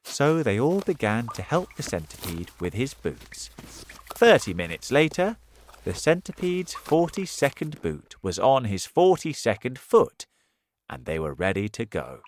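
A man narrates a children's storybook aloud with very dramatic delivery. His voice climbs and dives over a wide range, and he keeps an unhurried, slow pace. The tone is mid-pitched and clear. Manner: very expressive, dramatic swings.

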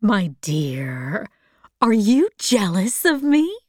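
A fussy, meddling aunt, read by a woman scolds slowly and reproachfully. The sound is close and dry, the pace unhurried, in a storybook reading. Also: medium pitch, lively intonation, darkish tone, no echo.

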